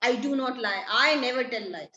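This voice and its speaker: A woman doing an indignant Caliban, loud and high. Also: moderate pace, echoey room, dull audio. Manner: loud, indignant, paraphrasing old verse into plain speech. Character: angry male islander servant insisting he tells no lie.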